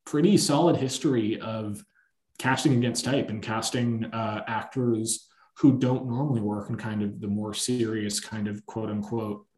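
A man hosting a podcast, chatting casually about films and telling long, animated anecdotes. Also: fairly low pitch, unhurried. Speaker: podcast host. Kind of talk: casual film-discussion chat. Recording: echoey room.

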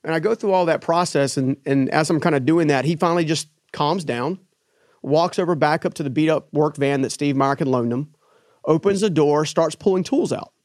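A man telling his own story in an interview, animated, acting out the voices of the people in it. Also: on the high side, fairly quick, no echo, clean studio sound. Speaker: business owner guest.

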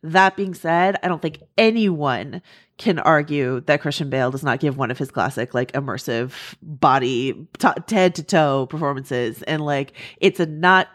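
A woman hosting a podcast, talking in quick, chatty asides with plenty of fillers. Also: low-pitched. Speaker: podcast host. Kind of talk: casual chat.

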